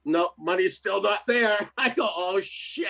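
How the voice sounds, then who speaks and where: A man's voice: sits high, moderate pace, creaky, pushed and bright. A man telling a story in casual chat, laughing often and acting out the other voices in it. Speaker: co-host.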